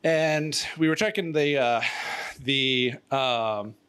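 A man's voice: medium pitch, takes it slowly, a bit bright, clean tone. A man telling a rambling story in casual chat, out of breath, stumbling over fillers and laughing often. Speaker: storyteller guest.

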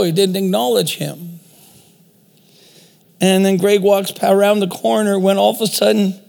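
A man with a high, gravelly voice preaching in a big hall, his words trailing in long reverb. He tells a story and then presses his listeners with rhetorical questions. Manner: storytelling with rhetorical questions, self-deprecating asides. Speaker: speaker. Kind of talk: sermon.

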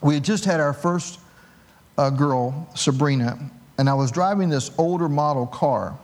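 Middle-aged male pastor, a touch high-pitched, animated sermon storyteller with a joking streak. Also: moderate pace. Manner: animated storytelling with self-mocking humor.

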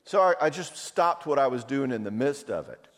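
A man's voice: mid-range voice, moderate pace. A middle-aged man giving a conversational talk, telling personal stories and acting out the voices he quotes. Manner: animated storyteller who acts out quoted voices. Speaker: speaker on marriage and anger. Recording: long hall reverb.

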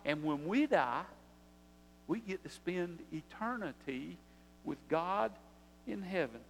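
A man's voice: high-pitched, animated, slow pace, vocal fry, big-room sound, slight background noise. An older man, preaching a sermon with rising emphasis and repetition. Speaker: pastor.

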